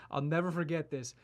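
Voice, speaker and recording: A man's voice: on the high side, vocal fry. A young man casually telling stories on a podcast, rambling and repeating "like" as he restarts his lines. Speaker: podcast co-host. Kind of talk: casual storytelling chat.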